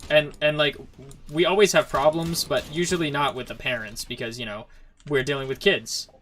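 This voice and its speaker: A man's voice: fairly high pitch, fairly even intonation, moderate pace, fairly bright tone, a little hiss or hum. Young New man telling a rambling story. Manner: rambling storyteller, heavy use of "like". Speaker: streamer. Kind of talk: casual chat while gaming.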